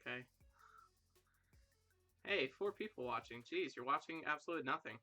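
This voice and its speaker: A man's voice: fairly high pitch, lively intonation, moderate pace, pushed and bright, soft background music. A young man hosting a casual livestream, rambling and joking about himself as he chats with viewers. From Ireland. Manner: self-deprecating, rambling, jokey. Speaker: livestream host. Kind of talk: casual live chat with viewers.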